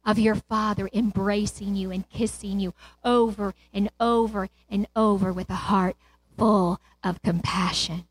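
Impassioned woman preacher, slow delivery. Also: a bit bright. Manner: impassioned, swelling pitch with praise exclamations. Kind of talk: sermon retelling a parable.

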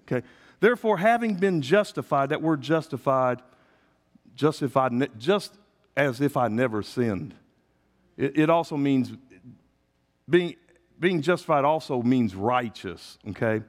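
A middle-aged man preaching a sermon as pastor, calling out to his congregation, dropping to quiet asides and rising to loud emphatic peaks. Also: medium pitch, lively intonation, measured pace, long pauses, long reverb tail.

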